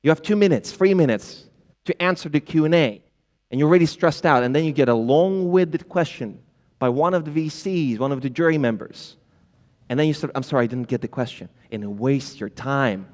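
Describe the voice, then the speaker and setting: A man gives a lively conference talk, calling out to the audience and mimicking nervous founders who stumble over their words. His voice sits a touch higher than most men's. A long reverb trails each phrase, as in a big hall. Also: normal speed. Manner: animated, addresses the audience directly; acts out flustered founders with filler words. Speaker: conference speaker.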